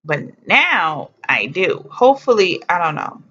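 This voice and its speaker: A young woman telling a personal story to camera in a casual, animated way, blunt and swearing freely, acting out what people said. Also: on the low side, measured pace. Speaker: vlogger. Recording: dull lo-fi sound.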